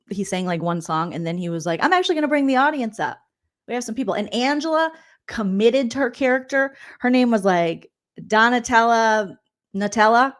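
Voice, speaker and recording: A woman comedian hosting a casual reaction vlog, chatty and animated, full of asides. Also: medium pitch. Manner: chatty and animated, acts out quotes with lots of asides. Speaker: comedian and reality TV recap host.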